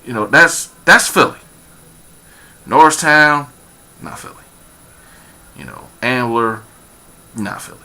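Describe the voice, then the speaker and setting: A man's voice: medium pitch, lively intonation, slow, long pauses, pushed and bright. A man giving a rambling casual commentary, full of fillers and repeated phrases, turning emphatic as he goes. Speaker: vlogger.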